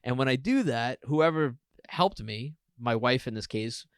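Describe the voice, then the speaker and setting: A man's voice: medium pitch, measured pace, smooth, no room sound, clean studio sound. A middle-aged man from New Jersey, co-hosting a podcast and telling funny stories with lots of swearing. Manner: animated storyteller, swears often. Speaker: podcast co-host. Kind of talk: casual comedic chat.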